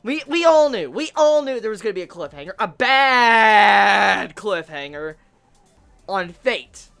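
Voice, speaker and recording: Woman reviewer, slightly high voice, exasperated rant, stammers and swears freely. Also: big pitch swings, brisk, darkish tone, soft background music. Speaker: anime reviewer. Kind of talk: casual ranting review.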